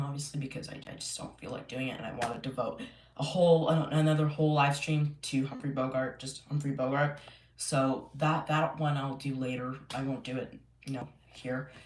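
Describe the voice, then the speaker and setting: A man chatting casually on a live stream from home, rambling with many fillers and restarts. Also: medium pitch. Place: home room. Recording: echoey room, faint noise.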